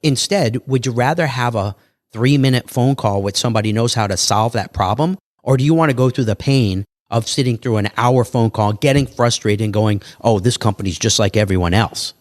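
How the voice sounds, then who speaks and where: Male entrepreneur guest, animated pitchman delivery, dry studio sound. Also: a little fast, no room sound. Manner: animated salesman patter, acts out dialogue. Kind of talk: casual interview talk.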